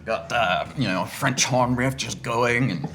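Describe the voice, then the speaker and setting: Slow-talking joking man, noisy background. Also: mid-range voice, fairly bright tone. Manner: joking, laid-back banter. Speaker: player. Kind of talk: casual chat at a game table.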